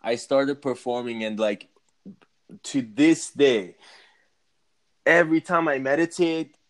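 A man, a musician being interviewed, telling a personal story in a casual, animated way and acting out his own reactions. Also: medium pitch, takes it slowly. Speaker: guest, musician.

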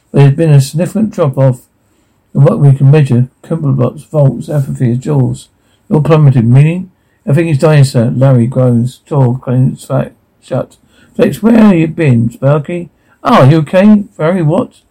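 A man reads a drama script aloud, stage directions and all, taking every part himself. His voice sits a little high for a man, yet it is dark and mellow in tone. It is thick with gravel and has a husky edge. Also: rough recording.

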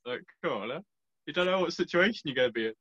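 A young man trades playful banter in a casual chat. His voice is a touch high. The recording sounds dull and somewhat lo-fi. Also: sing-song, very fast, a bit bright, breathy edge.

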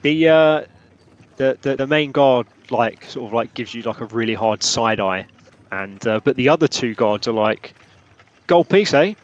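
A man narrating as game master, halting and rambling with many restarts. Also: mid-range voice, highs cut off.

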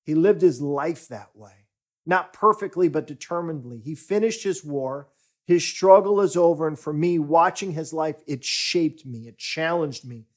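A man preaching a sermon as pastor, deliberate and emphatic, rising for stress and sinking to near-whispers. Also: fairly high pitch.

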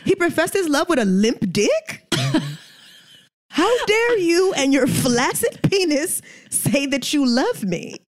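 Lively, joking woman podcast guest. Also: high voice, measured pace, few pauses. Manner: animated, joking, laughs often. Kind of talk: casual chat.

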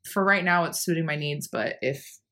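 A woman's voice: sits low, moderate pace, pushed and bright. A young woman working on a farm, chatting candidly with lots of fillers and the odd swear word. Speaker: farm worker. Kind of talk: casual chat.

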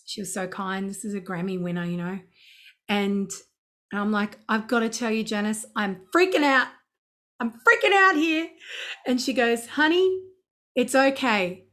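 A woman in middle age talks through her songwriting in a relaxed interview, her voice pitched in an ordinary middle range. She tells stories in a lively, chatty way, full of asides and restarts. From Australia. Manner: chatty and animated, breaking into sung scat syllables. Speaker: songwriter guest. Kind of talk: casual interview chat.

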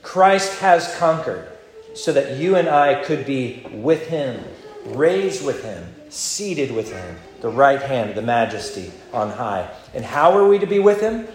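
A man preaching a communion sermon and leading prayer, fervent and emphatic, rising to loud declarations and dropping to quiet low asides. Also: big pitch swings, measured pace, echoey room. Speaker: pastor.

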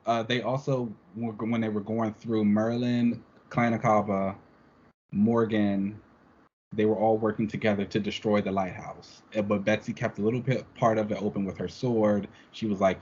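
A man casually recapping a comic book in a podcast, animated and full of "like", often acting out the characters' lines. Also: on the low side, normal speed. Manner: animated, acts out characters' quotes, frequent "like". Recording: dull lo-fi sound with faint noise.

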